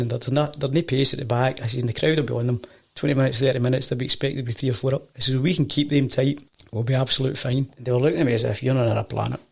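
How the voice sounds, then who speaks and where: A man's voice: mid-range voice, gravelly, darkish tone. A Scottish man and football coach telling stories in a casual chat, acting out the voices of the people he quotes. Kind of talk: casual storytelling.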